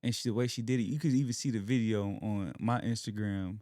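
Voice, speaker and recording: A man's voice: fairly low pitch, fast, dark tone, no room sound, clean studio sound. A young man from Alabama, talking as a podcast guest in an earnest, emotional way about his faith and family. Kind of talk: casual heartfelt conversation.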